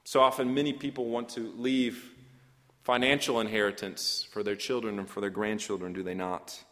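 A man's voice: fairly low pitch, little pitch movement, normal speed, a bit bright, big-room sound. A man preaching an expository sermon, earnest and emphatic, often asking questions of his listeners.

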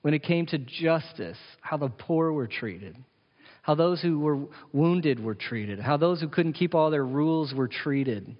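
A man's voice: a little high, animated, a little slow. A man preaching in a church hall, his voice carrying with a long echo. The sound is dull and lo-fi. He presses his points with rhetorical questions and slips in jokey asides. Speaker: pastor. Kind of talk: sermon.

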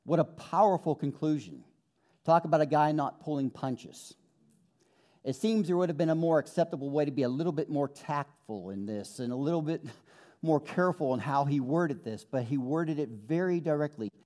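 A man preaching a sermon in an earnest manner, slowing down to quote scripture and building up with fervor. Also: on the high side, expressive, warm tone. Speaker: pastor.

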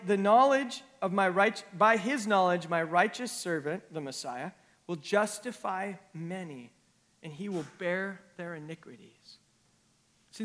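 Man preaching, high voice, bright tone, earnest sermon, reads scripture aloud. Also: long reverb tail. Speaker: pastor.

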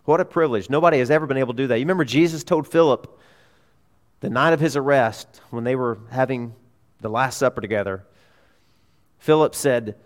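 A pastor preaches from the pulpit with earnest emphasis, his mid-pitched voice moving a little fast. He builds up on his central pleas and then sinks almost to a whisper for asides, all wrapped in the long reverb of a church sanctuary.

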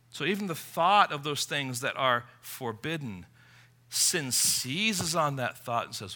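A man preaching a sermon, emphatic, moving from quiet reflection to forceful appeals. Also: a little high, expressive, unhurried.

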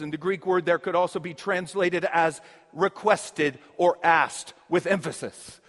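A man's voice: sits high, a bit bright, in a large hall. A man preaching a sermon as pastor, earnest and explanatory, with emphatic repetition. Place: church.

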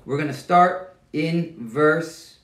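A man's voice: fairly high pitch, slow pace, a bit bright, roomy sound, distant mic. A man preaching a sermon as pastor, conversational and self-deprecating, often restarting and stammering over his words.

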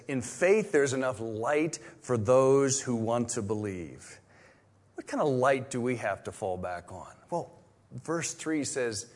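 A man preaching a sermon in a conversational way, full of restarts, swinging from loud exclamations to hushed whispers. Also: medium pitch. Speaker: pastor.

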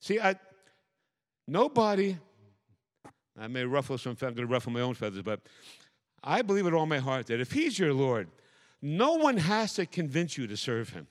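A man's voice: mid-range voice, big pitch swings, moderate pace, pauses often. An older man preaching a sermon as a pastor, emphatic and repetitive, building to fervent emphasis. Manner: emphatic preacher, repeats phrases, rising to fervor. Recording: long hall reverb.

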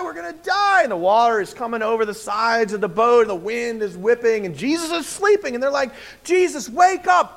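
A man preaching a sermon, telling the story with animated retellings and acted-out voices. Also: very high voice, vocal fry. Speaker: pastor.

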